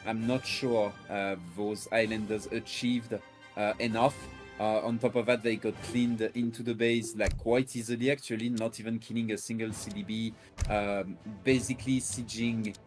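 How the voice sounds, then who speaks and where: A man casting a live esports match, speaking with frequent filler hesitations and animated bursts. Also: lowish voice. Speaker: esports caster. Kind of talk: live game commentary.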